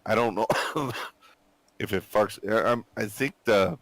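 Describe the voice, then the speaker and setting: A man's voice: on the low side, unhurried, fairly bright tone, no echo. A man in his forties telling a profane story in casual chat, swearing constantly and acting out quotes while still sick. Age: 40s. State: recovering from illness, coughing. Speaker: gamer chatting with squadmates.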